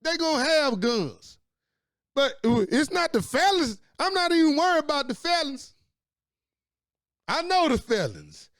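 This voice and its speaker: Angry high-voiced man ranting. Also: very animated, a little slow, long pauses, a bit bright, no room sound, clean studio sound. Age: late 40s. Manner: angry, profane, preachy. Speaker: talk show host. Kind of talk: impassioned monologue.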